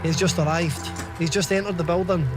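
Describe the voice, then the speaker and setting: A man's voice: a little high, brisk, loud music behind the voice. A young adult man with a Scottish accent, chatting casually and swearing as he livestreams a game. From Scotland. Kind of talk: casual gaming stream chat.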